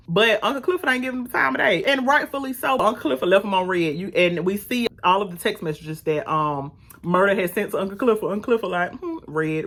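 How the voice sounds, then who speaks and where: A woman reviewing a TV episode in a casual, animated, sassy way, talking straight to her viewers. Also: on the low side. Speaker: YouTube reviewer.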